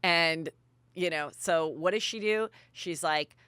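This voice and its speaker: A woman host recaps gossip in a breezy, bawdy chat. Her voice is a little low for a woman, yet bright and forceful. The sound is close and dry, with no room around it. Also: takes it slowly, clear, resonant tone, dry recording. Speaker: podcast host.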